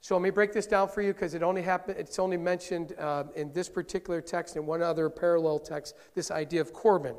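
Guy pastor preaching, chatty and animated, higher voice, echoey big room. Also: quick pace, hardly any pauses. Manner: lively, conversational, asks the congregation questions. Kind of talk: sermon.

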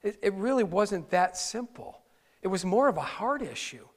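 A man's voice: high voice, sing-song, normal speed. A male pastor preaching a conversational sermon with wry asides to his congregation. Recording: long hall reverb.

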